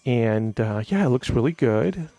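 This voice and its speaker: A man talks loosely through a live stream in a gravelly, mid-pitched voice, stumbling over restarts and fillers as he goes. Faint music plays under his chatter. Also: lively intonation, unhurried, dark tone, dry recording. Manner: rambling, laughs often, many fillers and restarts. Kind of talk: casual live-stream chat.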